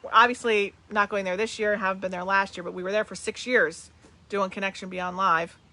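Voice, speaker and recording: Bright-voiced chatty woman live-streaming. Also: medium pitch, a little fast. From New Jersey. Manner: chatty, greets viewers by name, energetic. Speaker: medium hosting a live webcast. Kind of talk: casual live-stream chat. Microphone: webcam on a video call.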